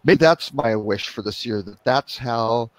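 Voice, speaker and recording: A man's voice: medium pitch, measured pace, no echo. A man on a live web panel show, talking in a reflective way and often checking for agreement. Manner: reflective, asks for agreement with "right?". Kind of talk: casual panel talk.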